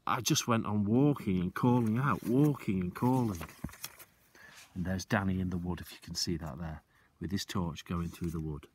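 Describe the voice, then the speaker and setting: A male teacher reading a children's book aloud, expressive and slowing down for suspense. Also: sits low, slight background noise.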